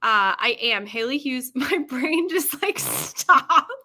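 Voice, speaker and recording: A young woman hosts a relaxed live stream, her voice bright and sitting a little high. She rambles in easy chat, giggles in the middle of her sentences, and tends to over-explain herself. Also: slow. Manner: giggly and rambling, laughs often mid-sentence; self-conscious over-explaining. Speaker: livestream host.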